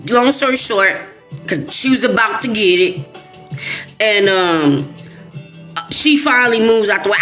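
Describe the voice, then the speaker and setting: With faint music underneath, a middle-aged host from Chicago's West Side tells a live audience a story, laughing and doing voices for people she quotes. She is animated, and her mid-range voice keeps a measured pace with long pauses.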